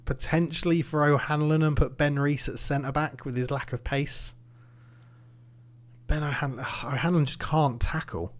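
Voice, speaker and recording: A man's voice: fairly high pitch, normal speed. Anxious man calling a football game. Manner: anxious, commentating play by play, swinging between muttering and excited shouting. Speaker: gaming YouTuber. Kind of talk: live game commentary.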